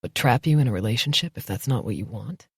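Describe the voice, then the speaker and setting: A woman narrator voicing a grounded, gruff blue-collar man in an audiobook, with a low-key, steady, reassuring manner. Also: fast talker, no room sound, clean studio sound, full character voice. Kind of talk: audiobook dialogue.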